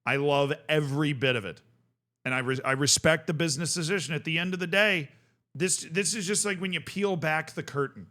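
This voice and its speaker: A young man hosting a casual reaction video, commenting in an amused, excitable way and often laughing. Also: on the high side, fairly quick.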